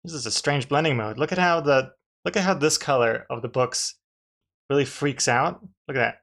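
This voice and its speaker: A man's voice: mid-range voice, normal speed, gravelly, fairly bright tone. A man, a comic artist, chatting casually to his live-stream viewers while drawing, rambling and restarting his sentences with dry jokes.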